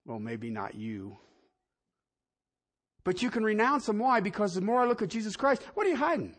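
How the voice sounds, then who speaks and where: A man's voice: extremely high pitch, animated, quick pace, fairly bright tone, husky. A man preaching a sermon as pastor, talking in a conversational way and often asking the congregation questions.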